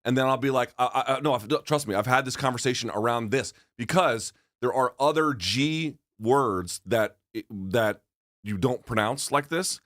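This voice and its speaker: A man co-hosting a sports talk show in a studio, chatting in an animated, talkative way and cutting in often. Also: medium pitch, normal speed, dry recording. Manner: animated, chatty, talks over his co-host. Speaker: podcast co-host.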